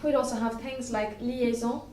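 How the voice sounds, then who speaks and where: A woman's voice: fairly high pitch, steady tone, moderate pace, mellow, slight background noise. A woman, giving a chatty classroom lecture as a French teacher and checking in with "okay?" often. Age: 20s. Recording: echoey room, voice from a distance.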